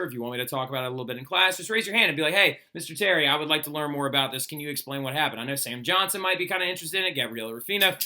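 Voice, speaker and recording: Lecturing on history in a relaxed recorded class, a man keeps asking "right?" and leaning on "like" as filler. He speaks with a fairly high pitch and a sharp tone.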